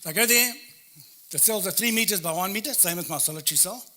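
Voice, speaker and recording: A man with a high, bright voice tells a gripping first-person story as a motivational speaker. He talks in short, punchy phrases with a sharp edge. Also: quick pace. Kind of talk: dramatic storytelling talk.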